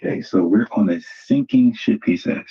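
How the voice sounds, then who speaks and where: Livestream host: a man with a deep, husky voice who gives mocking, casual commentary to his viewers, on slightly muffled audio. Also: normal speed, dark tone. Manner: mocking, talks straight to viewers as "family". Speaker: livestream host reacting to a debate clip.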